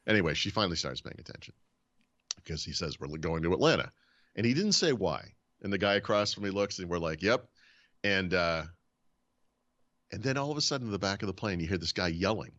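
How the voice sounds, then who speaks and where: A man hosting a podcast casually tells a story, animatedly acting out the people in it and their quoted dialogue. His voice is on the low side and brisk, with the highs cut off.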